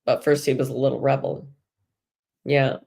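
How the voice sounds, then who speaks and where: A woman's voice: rumbling low, flat delivery, normal speed, creaky, darkish tone. A woman hosting a live spiritual energy show, talking casually and chattily to viewers and laughing often.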